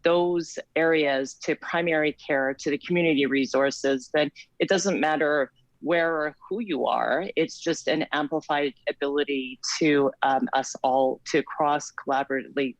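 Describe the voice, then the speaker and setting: A woman's voice: low voice, fairly even intonation, normal speed, no room sound, rough recording. A woman guest on a video call, talking about community support and often stopping to restart her phrases. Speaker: author and community plan co-chair, guest. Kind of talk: remote interview over video call.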